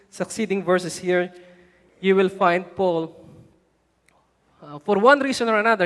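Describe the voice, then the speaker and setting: Man, pastor, high voice, lively sermon, long reverb of a church hall. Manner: animated preaching, rising loud for emphasis; conversational, frequent "right?" asides.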